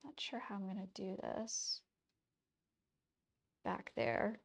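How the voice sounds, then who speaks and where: A woman in her thirties with a faint Wisconsin accent chats casually with her stream audience as she draws. Her medium-pitched voice is sing-song and creaky, and she speaks slowly. She rambles, with lots of fillers and restarts.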